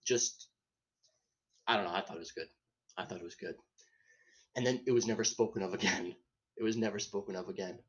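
A man's voice: low-pitched, fast, pauses often. A man hosting a podcast, telling a comedic story in a rambling, profane way, often interrupting himself and laughing at his own tale. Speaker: podcast host.

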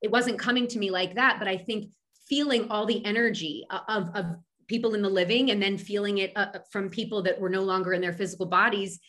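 Brisk and fairly bright at medium pitch, with fairly even intonation, a middle-aged Philadelphia medium talks chattily as a podcast guest. The casual interview is peppered with her fillers and restarts.

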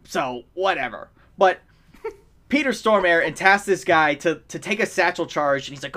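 A man's voice: fairly high pitch, normal speed, pushed and bright. A man in casual podcast chat, rambling and laughing as he retells movie scenes.

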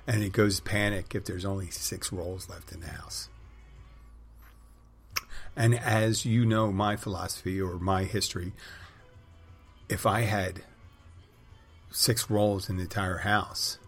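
A middle-aged man with a very low, husky voice talks in a loose, rambling way. His humor is wry and crude, and faint music plays under him. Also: steady tone, takes it slowly, long pauses. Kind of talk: rambling casual monologue.

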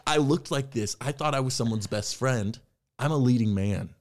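A young man, an actor, talking candidly in an interview, telling his story in a reflective, animated way. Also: mid-range voice, normal speed. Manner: candid, reflective, animated when quoting himself. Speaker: actor and podcast guest.

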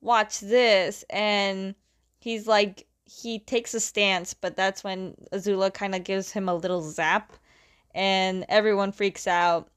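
A woman's voice: mid-range voice, steady tone, slow pace, fairly bright tone, clean tone, no echo, studio quality. A woman casually retelling a plot, chatty, often laughing and acting out the quotes. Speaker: episode recapper.

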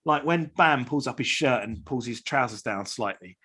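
Husky man, chatty and expressive. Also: mid-range voice, normal speed. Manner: chatty, expressive, swears casually. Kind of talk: casual chat.

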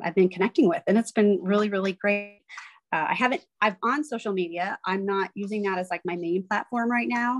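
A woman fitness coach talking casually as a podcast guest. She rambles and fills pauses with lots of ums. She slips into playful voices when she quotes someone. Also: on the low side. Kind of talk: casual chat.

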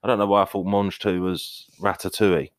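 Deep-voiced man in casual podcast chat. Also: level tone, fairly quick, dry recording, clean studio sound. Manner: chatty, trying out accents. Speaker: podcast co-host.

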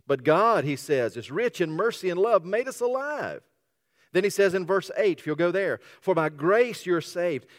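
A man's voice: high-pitched, lively intonation, normal speed, hardly any pauses. A pastor preaching a sermon, emphatic and repetitive, asking his listeners rhetorical questions. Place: church sanctuary. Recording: long hall reverb.

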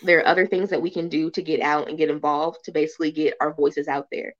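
A woman in her thirties talking candidly as a podcast guest in casual chat, with relaxed delivery and plenty of fillers. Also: low voice, fast talker. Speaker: podcast guest, event organizer. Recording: dull lo-fi audio.

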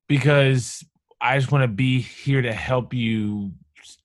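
A man in his thirties talks in a casual, earnest way, drawing out his thoughts in long reflective phrases. His voice sits at an ordinary middle pitch. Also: fairly even intonation, a little slow, dry recording, clean studio sound. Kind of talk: casual chat.

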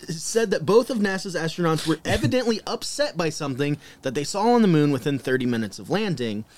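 A man co-hosting a casual chat, presenting research with wry asides. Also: on the high side. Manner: reads out sources with wry asides. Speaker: podcast co-host presenting research.

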